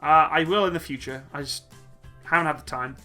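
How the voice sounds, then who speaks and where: Faint upbeat music plays as a man reads out chat questions on a relaxed live Q&A stream, joking around and laughing readily. He speaks briskly in a sharp, fairly high voice.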